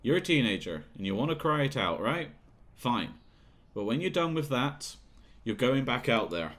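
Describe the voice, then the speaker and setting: A man's voice: medium pitch, big pitch swings, normal speed, fairly bright tone. Man doing a manipulative talent manager, condescending, bullying, game voice-over. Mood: coaxing.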